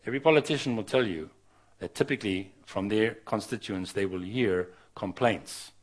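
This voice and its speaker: A man's voice: on the low side, normal speed, slightly rough. A man preaching earnestly to an evening gathering as a visiting speaker, urging his listeners and often restarting his sentences. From not from Australia.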